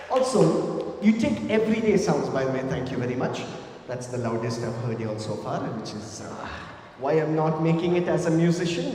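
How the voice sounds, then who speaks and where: A man's voice: fairly high pitch, darkish tone, heavy reverb, long reverb tail, a little hiss or hum. A man talking to a live audience, coaxing the crowd and teasing himself. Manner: playful, self-mocking, coaxing the crowd. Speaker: musician and beatboxer. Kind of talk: live talk to an audience, singing and demonstrating.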